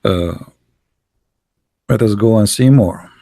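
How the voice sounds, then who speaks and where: A man giving combative religious commentary while reading from texts, mocking and arguing, often pausing with fillers as he hunts for pages. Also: fairly low pitch, vocal fry, mellow, no room sound, studio quality. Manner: mocking, insulting and argumentative; halting, with many fillers while searching pages.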